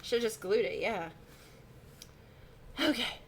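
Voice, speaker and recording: A woman's voice: a little high, lively intonation, slow pace, a little hiss or hum. A woman live-streaming as she reads a spooky kids' book aloud, breaking off into casual chatty asides, swearing and laughing at her own slips.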